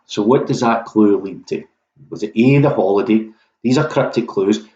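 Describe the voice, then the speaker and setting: Chatty lower-voiced man hosting a quiz. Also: moderate pace, darkish tone. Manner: chatty, jokey, swears freely. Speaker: online pub quiz host. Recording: roomy, dull lo-fi room sound.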